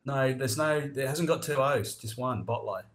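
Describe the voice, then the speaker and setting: A man with an Australian accent co-hosts a casual comedy podcast, teasing drily and using lots of Aussie slang. His voice is medium-pitched, at a moderate pace.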